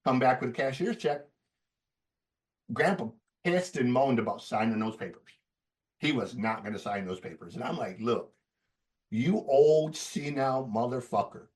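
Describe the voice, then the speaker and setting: A man telling stories on a podcast in a casual, profane, animated way. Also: medium pitch, normal speed, distant mic. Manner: profane, animated storyteller who laughs as he talks.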